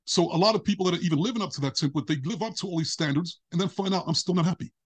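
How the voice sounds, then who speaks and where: A middle-aged man chats easily as a podcast guest, his voice husky and sitting a little high for a man. He tells stories expressively and slips into the voices of the people he describes. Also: rapid-fire. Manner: expressive storytelling, acting out quoted voices. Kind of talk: casual interview conversation.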